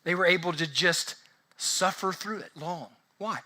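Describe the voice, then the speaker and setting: A man preaching a casual, conversational sermon as pastor, asking the congregation lively rhetorical questions. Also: sits high, a little slow.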